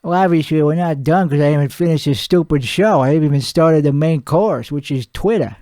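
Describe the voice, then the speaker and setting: A man's voice: fairly high pitch, brisk, dark tone, dry recording, studio quality, pitched below the performer's own voice, close to an everyday voice. A man playing a brash, crude washed-up male singer-comedian who rants and rambles about his producer, his voice weak and strained from singing. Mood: ranting. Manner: crude, rambling, boastful, self-mocking. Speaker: comedy show host. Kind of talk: improvised comedic rant.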